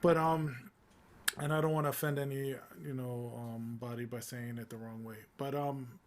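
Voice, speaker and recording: A man's voice: mid-range voice, steady tone, moderate pace. A man co-hosting a casual news podcast, talking in a rambling, informal way with many fillers. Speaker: podcast co-host.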